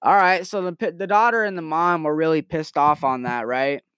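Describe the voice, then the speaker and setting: A man's voice: on the high side, moderate pace, fairly bright tone, smooth, no echo. 19 yo guy cracking dirty jokes in his bedroom, rambly, dry close sound. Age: late teens. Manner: crude, rambling joke-telling. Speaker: podcast host. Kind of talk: casual comedy podcast.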